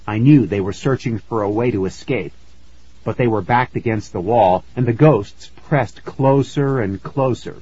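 A man narrating a spooky children's story in an expressive storytelling manner, in a slightly muffled recording. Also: on the low side, slightly rough.

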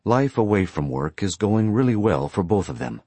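A man narrating a story in a steady, plain storytelling manner. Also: lowish voice, moderate pace, breathy edge, no echo. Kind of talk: audiobook narration.

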